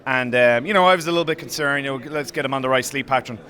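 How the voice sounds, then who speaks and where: Chatty bright-voiced male fight coach. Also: mid-range voice, rapid-fire. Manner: friendly, chatty, laughing storyteller. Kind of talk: casual interview chat.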